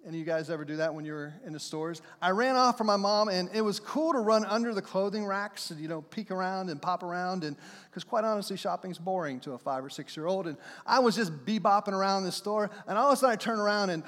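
Talking fast in a high-pitched voice, a male pastor delivers an energetic sermon built around stories, addressing the congregation head-on. He performs shouts and quotations as he goes, and his words echo with a long reverb like a big sanctuary.

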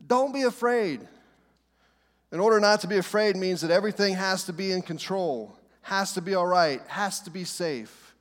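A middle-aged pastor preaching with a fairly high voice. He leans on dramatic pauses and repeats his reassurances again and again. His words ring out with a long reverb, as in a church sanctuary. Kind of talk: sermon.

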